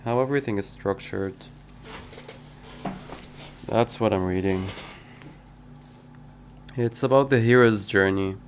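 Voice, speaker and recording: A man's voice: fairly low pitch, slow, long pauses, a little hiss or hum. A man casually chatting on a live stream, reading viewer messages aloud and replying in a hesitant, musing way. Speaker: indie game developer streaming his work.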